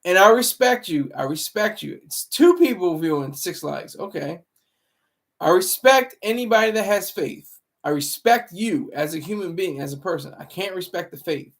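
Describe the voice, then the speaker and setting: A man's voice: high voice, expressive, normal speed. A man hosting a live stream, rambling and moralizing in casual commentary, often restarting his words. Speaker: livestream commentary host.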